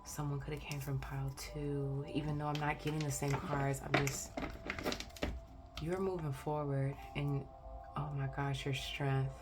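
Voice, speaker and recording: A woman's voice: sits low, level tone, unhurried, loud music behind the voice. A woman giving a chatty pick-a-card tarot reading, exclaiming and talking straight to her viewers. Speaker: tarot reader.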